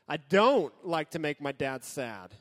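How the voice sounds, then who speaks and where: A man's voice: a little high, big pitch swings, measured pace, a bit bright. A man giving a casual, joking sermon as a youth pastor, talking straight to his audience. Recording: hall with long reverb.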